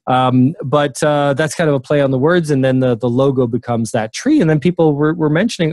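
A man's voice: fairly high pitch, fairly quick, few pauses, a little mellow, no room sound. Rambling man, dry close sound. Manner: rambling, many fillers and restarts. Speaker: memory expert guest. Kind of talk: casual interview talk.

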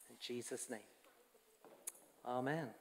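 A man's voice: mid-range voice, fairly even intonation, takes it slowly, vocal fry, a little hiss or hum. A man giving a sermon to his congregation, earnest and conversational, with asides to the people in front of him. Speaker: pastor. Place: church hall. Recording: long church reverb.

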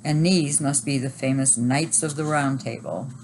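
Teacher lady doing a booming knight in red armor, stern, bossy. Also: moderate pace, background noise. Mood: commanding.

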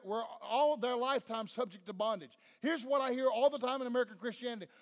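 Man, Southern accent, preacher, high-pitched, emphatic delivery, long hall reverb in a church. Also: fast talker, few pauses. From Tennessee. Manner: fervent, emphatic, questions the congregation. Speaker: pastor. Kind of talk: sermon. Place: church sanctuary.

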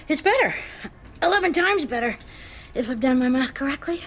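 A woman in a sitcom, talking in a bubbly, excitable way. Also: sits high, normal speed, a little hiss or hum. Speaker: sitcom character, an excitable fitness fan. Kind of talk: sitcom acting.

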